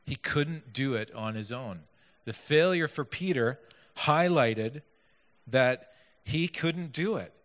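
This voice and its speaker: A man's voice: medium pitch, lively intonation, takes it slowly, a bit bright. A man preaching a sermon in a conversational way, asking his listeners questions and adding self-deprecating asides. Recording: echoey hall.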